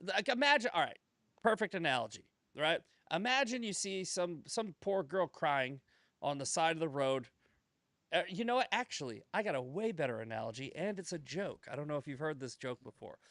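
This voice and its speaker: A man hosting a casual political chat podcast, profane and animated, slipping into voices when he tells jokes. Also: a little high, a little fast, dry recording, clean studio sound. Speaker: podcast host.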